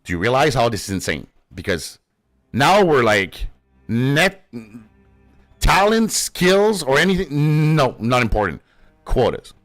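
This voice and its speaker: A man's voice: mid-range voice, very animated, a little slow, fairly bright tone, no room sound, faint music behind. A young adult man, a gaming streamer, in a passionate, profane, casual rant. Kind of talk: casual ranting commentary.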